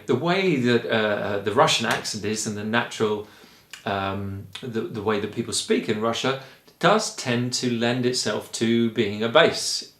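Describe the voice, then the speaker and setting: A man from England with a Kent accent, a choir director explaining singing in a relaxed, rambling way with frequent ums. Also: mid-range voice, moderate pace, reverberant. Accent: Kent English. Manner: chatty and rambling, with frequent ums and light laughs. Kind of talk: relaxed spoken lesson.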